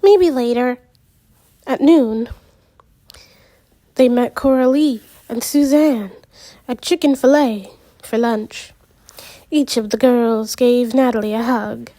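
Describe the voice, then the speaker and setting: A woman reading a novel aloud as narrator, unhurried, with small slips and asides. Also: a little high, fairly even intonation, mellow.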